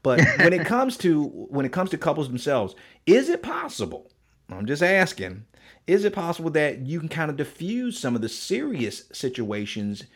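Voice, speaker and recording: A man's voice: a little high, huge pitch swings, normal speed, husky. A man hosting a podcast, asking long conversational questions with plenty of fillers and hedges. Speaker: podcast host. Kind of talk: interview questions.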